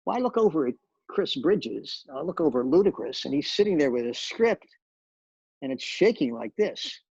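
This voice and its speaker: An older man recounts studio anecdotes on a video call, his voice gravelly with a husky edge. He circles back and restarts his sentences as he tells the story. The audio is dull and lo-fi. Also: on the high side, sing-song, normal speed, darkish tone, no room sound. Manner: anecdotal, many restarts and repeated words. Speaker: television director, guest. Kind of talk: storytelling interview.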